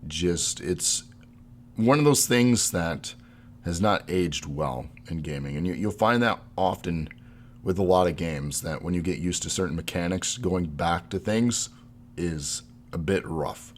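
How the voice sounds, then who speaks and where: A man's voice: low-pitched, animated, measured pace, slight background noise. A man co-hosting a podcast in casual chat, rambling and laughing often. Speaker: podcast co-host.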